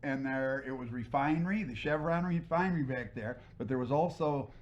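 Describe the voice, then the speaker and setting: A man's voice: mid-range voice, normal speed, dull audio. A middle-aged man from the northern United States, a guest telling stories in a folksy, chuckling way. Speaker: guest, host's father. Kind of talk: casual storytelling.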